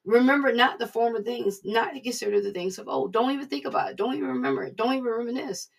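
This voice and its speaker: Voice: medium pitch, fast talker, vocal fry, distant mic. A preacher giving a casual devotional talk, conversational and repeating points for emphasis.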